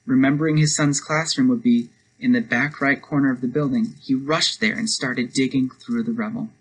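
Man, husky breathy voice, mid pitch, earnest sermon storytelling, devotional, prayerful. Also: steady tone, normal speed, rough recording. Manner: earnest storytelling, speeds up for quoted lines.

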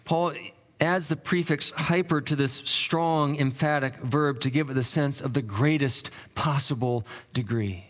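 A man's voice: mid-range voice, a little slow. A male pastor preaching an expository sermon, earnest and explanatory, often restarting his sentences as he works through word meanings.

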